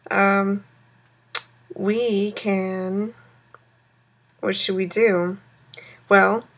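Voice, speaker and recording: A woman casually playing a text adventure game, thinking aloud and reading its narration. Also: on the low side. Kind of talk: let's-play reading and commentary.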